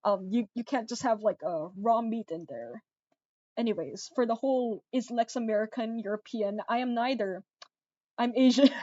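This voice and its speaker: A young woman with a fairly high voice gives a chatty exam-prep lesson on a livestream. She is self-deprecating and breaks off to answer her chat. The sound is dull and lo-fi. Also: moderate pace, dark tone. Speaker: exam tutor. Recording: dull lo-fi stream audio.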